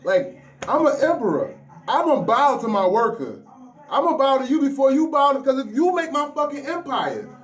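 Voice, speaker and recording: A man's voice: very high voice, big pitch swings, fairly quick, lo-fi sound. A man giving a preachy, profane spiritual rant to the listener, repeating words and restarting his sentences.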